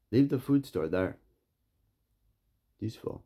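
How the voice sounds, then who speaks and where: A man from Saskatchewan, Canada, speaking directly to a mayor and making demands, with confrontational stories that swing between loud and quiet. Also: rumbling low, animated, measured pace, vocal fry, pauses often. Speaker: First Nation community member addressing a mayor. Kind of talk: impassioned direct address and storytelling.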